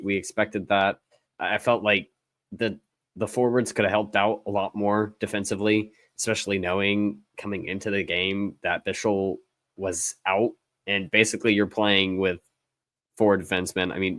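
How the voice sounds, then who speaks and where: A man with a lowish voice co-hosts a sports podcast, recorded close and dry with no room sound. He thinks aloud, halting and restarting his sentences as he talks through the game. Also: no echo. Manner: halting, with restarts and soft laughs. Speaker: podcast co-host. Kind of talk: casual sports podcast chat.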